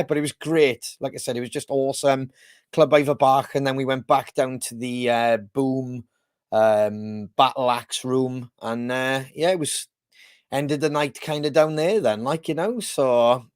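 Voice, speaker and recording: His voice is medium in pitch, clear and resonant, captured as clean studio sound with no echo. He is a Welsh podcast co-host having an easygoing, rambling chat full of fillers over a video call.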